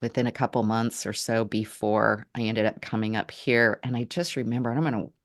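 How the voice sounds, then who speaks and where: Woman, very low voice, earnest reflective storyteller, halting delivery. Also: fairly even intonation. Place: Portland area, Oregon.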